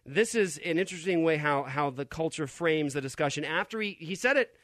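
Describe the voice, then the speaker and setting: An emphatic male talk show host who argues with open disbelief. He carries a fairly high voice, recorded dry and close with no room sound. He delivers opinionated Christian commentary. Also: lively intonation, a little fast, fairly bright tone, no echo. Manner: emphatic, incredulous, argumentative.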